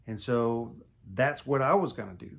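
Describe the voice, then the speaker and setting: A man with a gravelly, creaky voice tells a personal story in a casual, heartfelt way. He talks straight to the listener and repeats phrases to drive them home. His pitch sits in an ordinary middle range. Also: lively intonation, normal speed. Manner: earnest, repetitive and emotional, talks to the viewer directly. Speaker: storyteller recounting quitting smoking.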